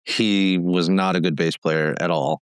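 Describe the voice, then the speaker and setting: A man's voice: low voice, steady tone, unhurried, clear, resonant tone, no room sound. A man, a former band musician, telling frank stories casually on a podcast, with lots of fillers and some swearing. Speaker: guest musician. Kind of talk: candid conversational storytelling.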